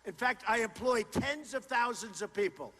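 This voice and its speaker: A man giving a campaign rally speech, punchy and repetitive and boastful, often shouting to the crowd through a stage microphone in a large indoor venue. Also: very high-pitched, animated, normal speed. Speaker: political candidate. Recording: long hall reverb with faint crowd noise.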